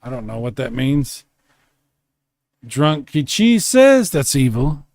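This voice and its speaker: A man's voice: medium pitch, sing-song, slow pace, a little mellow, no room sound, clean studio sound. Rambling drunk man on a late-night stream. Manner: rambling, swearing, reading chat aloud. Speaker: streamer host. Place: home room.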